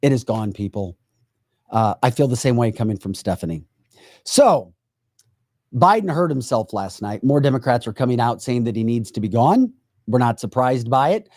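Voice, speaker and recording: A man co-hosting a political podcast, talking in a sarcastic, animated way. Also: mid-range voice, normal speed, no echo, studio quality. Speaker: podcast co-host. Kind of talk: casual political chat.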